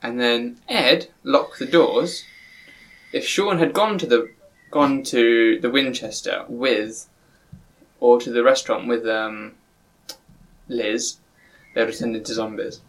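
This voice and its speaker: A man's voice: mid-range voice, slow. Man musing over film theories. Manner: thinks aloud, builds theories step by step. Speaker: co-host. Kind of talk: casual film discussion.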